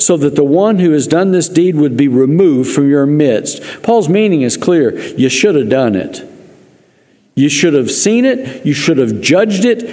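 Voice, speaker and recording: Male pastor, earnest sermon with wry asides, warm tone, reverberant church. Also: on the high side. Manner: earnest, with dry joking asides. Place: church sanctuary. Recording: long reverb of a church hall.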